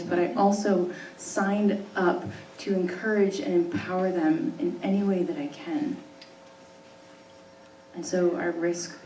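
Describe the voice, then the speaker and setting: A woman teacher tells a personal story on stage in a casual, conversational way, laughing often and restarting sentences as she goes. Her voice sits at an ordinary pitch. It is picked up from a distance in a large, echoing hall, with a faint hiss behind it. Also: warm tone. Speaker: high school English teacher. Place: stage in an arts center hall. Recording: roomy hall, distant mic, faint noise.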